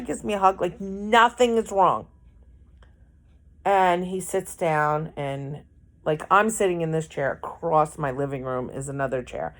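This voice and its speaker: A woman's voice: sits low, a little slow, vocal fry, long pauses. A woman telling a personal story in an emotional, rambling way, full of restarts and repeated words.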